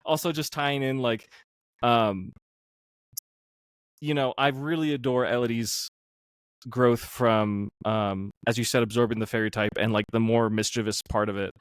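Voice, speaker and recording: Male guest game master, mid-pitched, laid-back and loose, casual swearing, dry recording. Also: steady tone, moderate pace, smooth, dry recording. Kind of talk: casual podcast chat.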